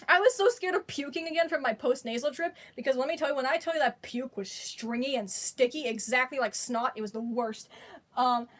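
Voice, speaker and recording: Chatty woman with a slightly high voice. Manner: rambling, slangy, restarts a lot; breaks into laughter while telling it. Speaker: vlogger. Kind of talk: casual storytelling.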